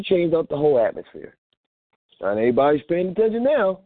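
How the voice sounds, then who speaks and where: A man's voice: on the high side, sing-song, fairly quick, dry recording. A man hosting a call-in show, preaching in casual street talk and acting out phone calls. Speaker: host. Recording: tinny phone-line sound.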